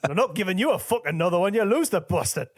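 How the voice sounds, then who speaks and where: A man putting on the voice of a gruff, blunt rock singer who swears freely. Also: high voice, expressive, fast talker, mellow, dry recording, clean studio sound, voice pushed up. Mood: exasperated. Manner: gruff and profane.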